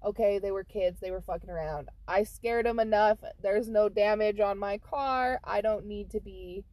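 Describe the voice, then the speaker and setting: This podcast co-host is a woman with a medium-pitched voice speaking at a normal pace, recorded with no room sound. Her story is casual, heavy on cursing, and she plays out the quotes in a lively way.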